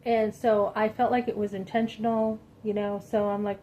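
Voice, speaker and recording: A woman vlogger telling a personal story to her viewers in an animated, indignant, chatty way. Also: mid-range voice, normal speed, lo-fi sound, slight background noise. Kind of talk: casual storytelling to camera.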